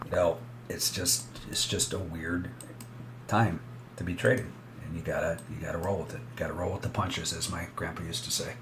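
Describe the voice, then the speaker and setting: A man's voice: deep voice, steady tone, normal speed, noisy background. A man giving casual, blunt commentary as he trades live and talks straight to his viewers.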